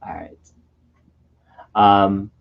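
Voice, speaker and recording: Man, lower voice, rambling live-stream host, muffled home mic. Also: monotone, very slow. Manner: casual, rambling, many fillers.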